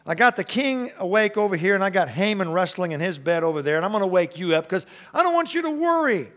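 A man preaching a sermon voices God as a chatty, reassuring male figure in a raised, lively voice. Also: sits high, fast.

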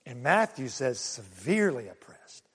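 A male pastor preaching a sermon, swinging between loud calls and quiet low asides. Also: very animated, normal speed, breathy edge, long reverb tail.

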